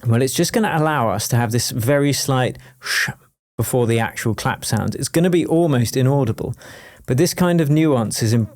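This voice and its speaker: A man teaching a music production tutorial in a chatty, jokey way, wired on coffee and full of quick asides. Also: mid-range voice, darkish tone. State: wired on coffee, talking fast. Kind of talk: screen-recorded production tutorial.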